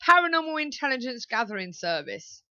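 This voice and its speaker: A woman's voice: high voice, very animated, fairly quick, pushed and bright, no echo, muffled recording. A woman from southern England hosting a community radio talk show, chatty and laughing often. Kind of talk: casual radio chat.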